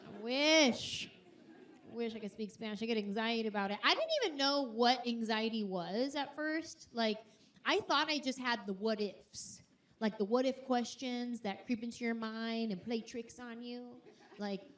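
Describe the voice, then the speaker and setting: A woman performing a stand-up comedy routine on stage, animated and acting out quotes in high voices. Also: unhurried. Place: theater stage before a live audience.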